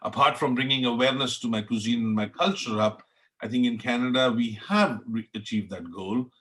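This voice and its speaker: Speaking briskly in a medium-pitched, slightly bright voice, this man is a chef from India and a podcast guest. In reflective interview talk, the middle-aged speaker shares his story earnestly and passionately in his Indian accent.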